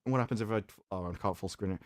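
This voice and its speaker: A middle-aged man co-hosting a casual livestream chat in an animated manner. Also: lowish voice, fast talker. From United Kingdom. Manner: animated, does loud voices of game lines. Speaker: co-host.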